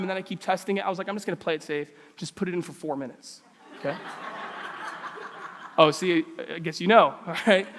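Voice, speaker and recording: High-voiced pastor preaching in a reverberant hall. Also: male voice, a little hiss or hum. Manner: animated, humorous storytelling with many rhetorical questions. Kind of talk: sermon. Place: church sanctuary. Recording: long church hall reverb.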